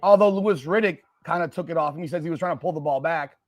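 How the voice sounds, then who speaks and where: High pitched guy yelling at a football game live, swears a lot, gets worked up fast. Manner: excitable, profane, argues with chat and the broadcast. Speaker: podcast host reacting live to a football game. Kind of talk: live watch-party commentary.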